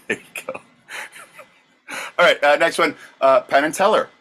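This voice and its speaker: A man's voice: a little high, a little slow, fairly bright tone. A man co-hosting a podcast who runs a quiz segment, hesitant and full of fillers, playing the straight man. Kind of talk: casual comedic banter.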